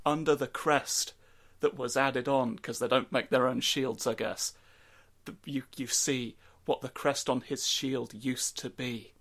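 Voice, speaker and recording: A man's voice: medium pitch, steady tone, a little slow, fairly bright tone. A man telling a rambling, joking story in a casual podcast chat. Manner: rambling, jokey storytelling with acted quotes. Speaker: podcast co-host. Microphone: studio microphone.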